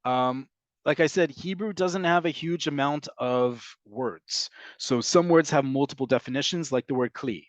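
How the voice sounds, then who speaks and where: A man's voice: medium pitch, moderate pace, dry recording. A man teaching an online class, patiently explaining and answering questions with frequent fillers and "right?" checks. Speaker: Hebrew teacher. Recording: dull lo-fi dry audio.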